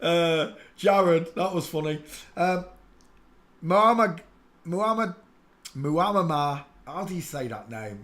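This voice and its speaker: Excitable man mocking photos live. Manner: excitable, breaks into loud high laughter; mocking, talks to viewers by name. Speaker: livestream host. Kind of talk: casual running commentary on pictures.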